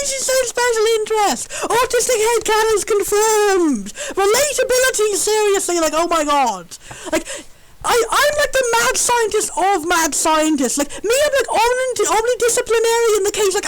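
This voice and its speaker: A young woman giving excited game commentary, gushing and giggly with breathless enthusiasm. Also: very high-pitched, background noise. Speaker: game reviewer.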